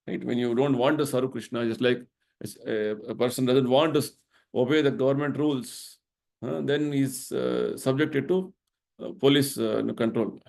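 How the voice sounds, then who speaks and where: A middle-aged man delivers a devotional lecture, with a gravelly, fry-edged texture in his voice. He speaks in a medium register and explains each point earnestly, often pausing to check with the room by asking "right?". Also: medium pitch, darkish tone. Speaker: temple vice president giving a spiritual talk.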